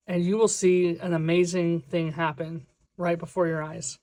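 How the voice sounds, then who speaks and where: Budget vlogger chatting away while counting money out loud, kinda sing-songy drawn-out cadence, mid pitched voice. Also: flat delivery. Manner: chatty self-talk, counting money aloud. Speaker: budgeting video creator. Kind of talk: casual vlog talk while counting cash.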